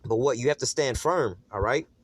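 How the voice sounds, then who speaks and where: A man preaching an informal sermon in a casual, streetwise way, slowing down to read scripture aloud. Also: mid-range voice, a little hiss or hum. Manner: casual and streetwise, calling listeners "man" and asking "all right?".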